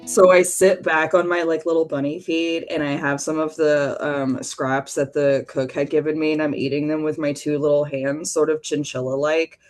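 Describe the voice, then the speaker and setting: Playful, animated game player, mid pitch, faint guitar music behind. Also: normal speed, few pauses. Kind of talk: describing a tabletop game character's actions.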